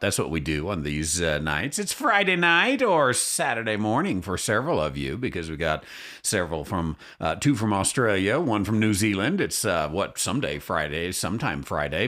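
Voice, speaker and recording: Animated chatty male show host. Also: on the low side. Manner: rambling, greets viewers, many fillers. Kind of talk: casual late-night livestream chat.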